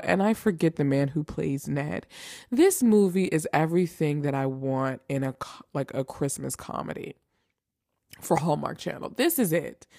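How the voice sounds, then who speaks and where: A woman's voice: sits low, a little mellow, no echo, studio quality. A young woman hosting a casual chat show, gushing over favorites and repeating phrases for emphasis. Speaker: host ranking holiday movies.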